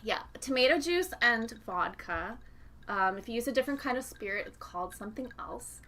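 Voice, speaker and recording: A woman's voice: fairly high pitch, animated, fairly quick, sharp tone. A woman musician co-hosting a livestream from home, chatting casually and rambling with lots of fillers. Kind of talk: casual chat. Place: home, indoors.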